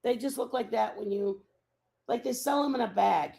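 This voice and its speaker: A woman's voice: fairly high pitch, normal speed, creaky, mellow. A woman hosting a casual live stream, rambling and chatting with her viewers and answering their messages by name.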